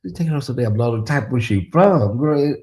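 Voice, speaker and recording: A man's voice: mid-range voice, animated, normal speed, a little mellow. Chatty man hosting a casual livestream. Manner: chatty, drawling, reads viewer comments aloud; talks to the audience as "y'all". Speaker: livestream host. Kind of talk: casual late-night livestream chat.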